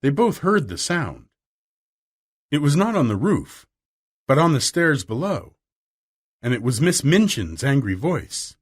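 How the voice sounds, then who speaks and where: A man narrating a storybook audiobook in an expressive, animated reading style. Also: mid-range voice, measured pace, long pauses, breathy edge.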